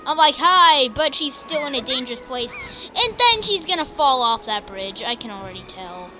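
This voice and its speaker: A woman's voice: sits high, lively intonation, moderate pace. A woman on a cheap mic giving casual, jokey gameplay commentary. She narrates the scenes sarcastically. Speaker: game streamer.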